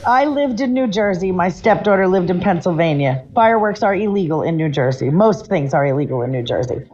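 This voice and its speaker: A woman's voice: on the low side, expressive, brisk, darkish tone. A woman co-hosting a podcast, telling a story in a casual, wry way and relishing the details. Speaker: podcast co-host. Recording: slightly dull mic with faint noise.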